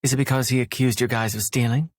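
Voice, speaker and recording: A raspy, teasing young woman with a stubborn, questioning edge, as a male narrator puts her on, pitched well above his own deep voice. Her lines sound dry and close, as in an audiobook read in a dead booth. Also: steady tone, quick pace, no echo, natural voice. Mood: probing. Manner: playful then probing, questioning.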